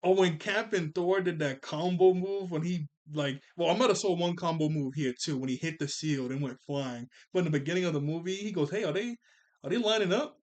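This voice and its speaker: Guy chatting about a movie, kinda high voice, lots of like and you know, laughs a bunch. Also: a little fast, few pauses. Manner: rambling, lots of "like" and "you know", chuckles often. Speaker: movie commentary vlogger. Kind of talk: casual movie recap chat.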